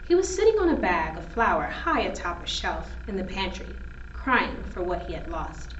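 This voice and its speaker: A woman teacher reads a children's storybook aloud in a lively voice that rises and falls. She sounds far off in an echoey room, and the dull recording carries a faint hiss. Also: medium pitch. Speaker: fourth grade teacher. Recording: distant roomy lo-fi recording with faint noise.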